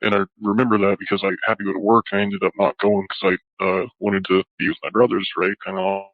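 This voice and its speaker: A young man answering interview questions haltingly, his speech full of fillers. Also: sits low, flat delivery, no room sound. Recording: dull, dry lo-fi audio.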